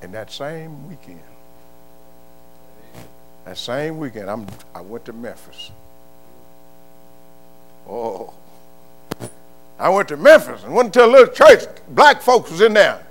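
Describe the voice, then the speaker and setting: An older man preaching a sermon, moving from quiet murmured storytelling to loud, impassioned shouts. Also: a little high, very animated, slow, pauses often, slight background noise. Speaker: pastor.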